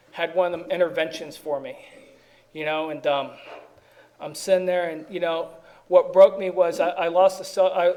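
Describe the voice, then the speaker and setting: A man's voice: a little high, darkish tone. A man speaking at a recovery meeting, telling his story in a rambling, self-deprecating way with many restarts.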